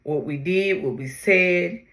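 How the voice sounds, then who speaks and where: Slow, halting grieving woman podcaster. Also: fairly low pitch, a bit bright. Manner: halting, heartfelt, reflective, many pauses and restarts. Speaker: podcast host. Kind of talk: personal podcast monologue.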